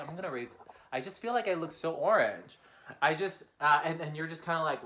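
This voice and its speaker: Bright-voiced man reacting fast and excitedly. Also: fairly high pitch. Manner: fast-talking, emotional, exclamatory. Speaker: music reaction host. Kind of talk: casual reaction commentary.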